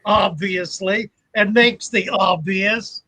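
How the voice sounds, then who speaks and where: An easygoing man hosts a casual livestream, chatting with guests and viewers. His voice is high and bright for a man, and the sound is close and dry. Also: slow, no echo, low-quality recording. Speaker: livestream host and fish shop owner. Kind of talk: casual chat.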